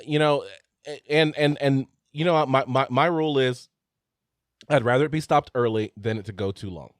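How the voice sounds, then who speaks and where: A man's voice: medium pitch, normal speed, no room sound, clean studio sound. A man co-hosting a combat sports podcast, recapping fight results and asking questions in a casual way. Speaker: podcast co-host.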